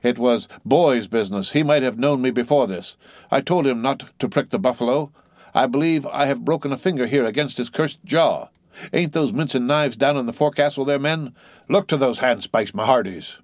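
A defiant ringleader of mutinous sailors, as a male reader puts him on, rough and bold, throwing challenges in old sea talk. the voice sits raised above the reader's own and carries a forceful edge, recorded dry and close. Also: medium pitch, moderate pace, no room sound, voice pushed up, lightly acted.

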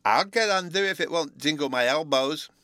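A man's voice: fairly high pitch, moderate pace, pushed and bright, dry recording, pitched above the performer's own voice. A man reading a storybook aloud, voicing a small, stubborn little boy who talks back in indignant, ungrammatical sentences. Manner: indignant, ungrammatical child's talk.

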